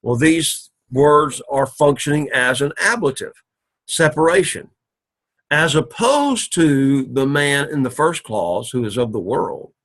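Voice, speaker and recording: A man teaching an introductory Greek class, explaining sentences step by step with patient, drawn-out phrasing and frequent throat-clearing. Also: medium pitch, very animated, a bit bright. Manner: patient, drawn-out explaining with many "all righty"s and restarts. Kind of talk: recorded classroom lecture.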